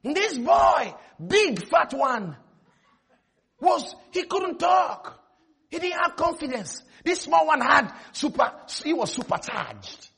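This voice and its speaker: A man preaching a sermon, telling a story with lively energy and often shouting. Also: very high-pitched, slow, vocal fry.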